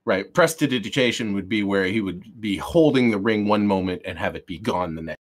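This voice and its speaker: A man's voice: lowish voice, lively intonation, brisk, a little hiss or hum. A man playing in a tabletop game, chatting casually and tossing in wry jokes. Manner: joking, wry asides.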